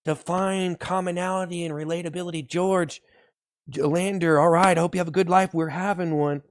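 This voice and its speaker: A man hosting a live stream in a comic, mock-sincere hype style, repeating slogans, whooping loudly and then dropping into slow, hushed earnestness. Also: on the high side, fairly even intonation.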